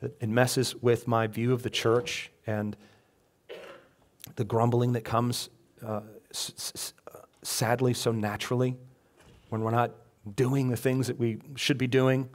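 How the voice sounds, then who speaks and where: A man's voice: medium pitch, little pitch movement, unhurried, pauses often. A male pastor giving a sermon, reading scripture aloud and joking with the congregation between readings. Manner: conversational, joking asides to the congregation.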